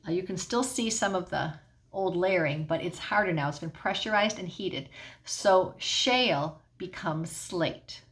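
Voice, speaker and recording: Patient woman teacher, slightly low voice. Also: moderate pace. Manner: patient, explanatory, checks in with okay. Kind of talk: classroom science lesson on video. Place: at home.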